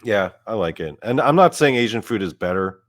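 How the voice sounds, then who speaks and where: A man's voice: fairly low pitch, animated, brisk, dry recording, clean studio sound. A young man from South Korea doing a profane, mock-boastful stand-up rant, quoting his friends in asides. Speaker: comedian.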